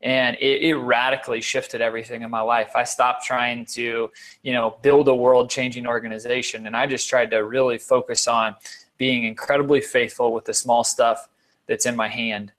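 A man's voice: mid-range voice, level tone, moderate pace, fairly bright tone. A man being interviewed as a guest on a podcast, a motivational speaker who talks earnestly and repeats words for emphasis.

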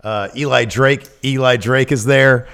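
A man's voice: medium pitch, steady tone, a little slow, fairly bright tone. A man co-hosting a podcast in casual, enthusiastic, rambling chat. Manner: enthusiastic, rambling, laughs often. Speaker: podcast co-host.

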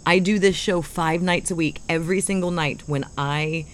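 A woman's voice: on the low side, fairly even intonation, normal speed. Woman, casual chat, playful, self-conscious, faint insect noise behind. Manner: self-conscious, playful, stumbles over words.

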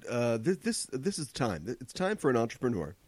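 A man's voice: medium pitch, very animated, fairly quick, a little mellow, husky, no room sound. A man from Minnesota co-hosting a podcast, joking and teasing in rambling casual banter. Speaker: podcast co-host.

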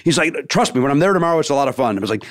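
A man's voice: medium pitch, racing. A man in his fifties, a stand-up comedian, casually telling a story and acting out the people in it. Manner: animated, acts out quoted dialogue.

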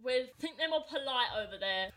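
A woman's voice: high voice, lively intonation, fairly quick, fairly bright tone. A young woman with a Cockney accent, co-hosting a casual podcast with brief, laughing replies. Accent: London Cockney. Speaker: podcast co-host. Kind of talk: casual chat.

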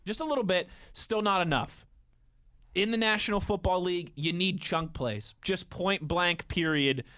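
A man hosting a casual sports talk show, animated and quick to laugh. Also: high voice. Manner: animated, laughs often, breaks into playful singing.

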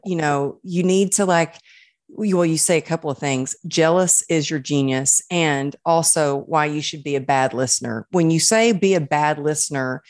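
A woman interview host with an unhurried, slower delivery and a noticeable accent. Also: low-pitched. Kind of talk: conversational interview.

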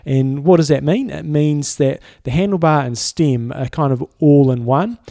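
A man's voice: on the high side, normal speed, gravelly, dark tone, no room sound, studio quality. A man co-hosting a sports podcast, explaining things in a chatty way with friendly asides. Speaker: podcast co-host. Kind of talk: casual podcast chat.

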